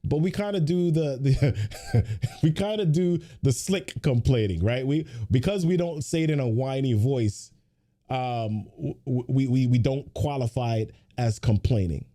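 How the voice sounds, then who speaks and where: A man with a mellow, warm voice delivers a motivational pep talk, firing off one rhetorical question after another. He sounds like a show host speaking straight to his viewers, casual but preachy. His pitch sits in the middle for a man. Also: measured pace. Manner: greets viewers in a chatty way. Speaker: host of a weekly motivational livestream.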